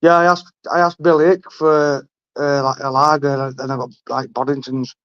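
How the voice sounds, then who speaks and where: A man's voice: mid-range voice, flat delivery, moderate pace, a bit bright, clean tone, no echo. Flustered man on a dull dry line. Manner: flustered, backtracking. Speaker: guest friend. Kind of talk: casual chat.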